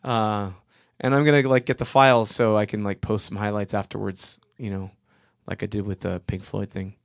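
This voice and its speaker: With a gravelly, lowish voice and flat delivery at normal speed, a middle-aged man runs a music live stream. He chats in a casual, rambling way between songs and thanks viewers by name, his voice carrying a long reverb.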